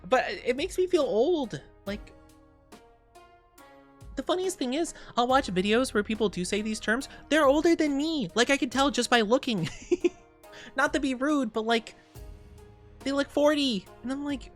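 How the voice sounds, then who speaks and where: A woman in her twenties chats casually on stream, rambling, giggling often and playing with silly voices. Her voice sits high with lively intonation at a normal speed, broken by long pauses, while faint music plays behind her.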